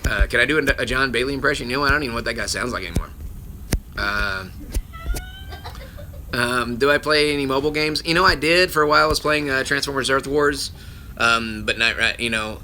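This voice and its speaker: A man who is a voice actor chatting casually on a live stream, answering comments and jumping rapid-fire in and out of impressions. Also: mid-range voice, pushed and bright, a little hiss or hum. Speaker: voice actor on a livestream.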